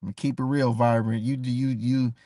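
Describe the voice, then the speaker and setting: A man's voice: medium pitch, fairly even intonation, normal speed, dark tone, no room sound. A man hosting a live stream, talking casually and passionately to his chat, calling viewers by name and repeating himself.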